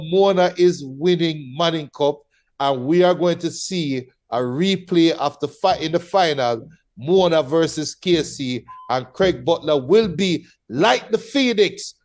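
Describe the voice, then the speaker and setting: A man's voice: a little high, lively intonation, measured pace. A man with a Jamaican accent co-hosting a casual sports chat, playful and boastful as he makes his predictions. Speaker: co-host.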